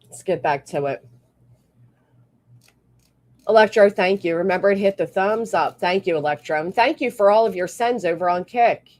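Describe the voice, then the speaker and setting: A woman's voice: medium pitch, normal speed, long pauses, a little mellow. A woman livestreamer ranting bluntly with plenty of swearing, between thanking her members. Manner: blunt, profane, fired-up. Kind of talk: live stream rant and member shout-outs.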